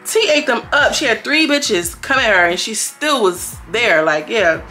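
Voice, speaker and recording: A young woman giving a casual recap of a reality show, animated and slangy, often slipping into voices for the people she quotes. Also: on the high side, normal speed, faint music behind. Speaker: reality TV reviewer.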